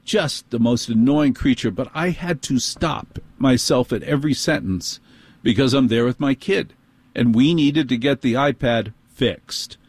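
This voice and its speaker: A middle-aged man telling an exasperated comic story in a fast, animated monologue. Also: medium pitch, breathy edge, no room sound.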